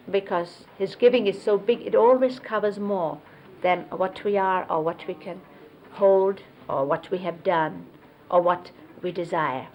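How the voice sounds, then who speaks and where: Slow, unhurried woman telling old stories. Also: mid-range voice, highs cut off, a little hiss or hum. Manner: unhurried, explains and demonstrates hand gestures. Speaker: close companion recounting memories of a spiritual teacher. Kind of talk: reminiscing storytelling. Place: 1970s videotaped sit-down interview.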